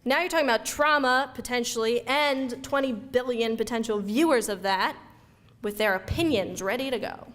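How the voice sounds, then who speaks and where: A woman giving an energetic, conversational talk to an audience, acting out everyday reactions as she goes. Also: a little high, moderate pace. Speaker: speaker giving a talk on youth mental health. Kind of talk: lively lecture to an audience. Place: event room before an audience.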